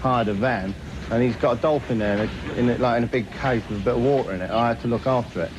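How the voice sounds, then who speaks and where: A man's voice: mid-range voice, fast talker. A man hosting a comedy show, delivering a chatty, boastful, name-dropping monologue to camera. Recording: dull lo-fi TV recording with noise.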